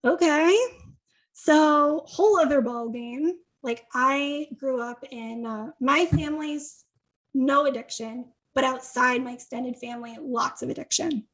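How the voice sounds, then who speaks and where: This rough recording features a high-voiced Connecticut, USA woman on a podcast as a guest. In chatty, animated conversational storytelling, she acts out others' words, uses "like" frequently, and gives quick laughs.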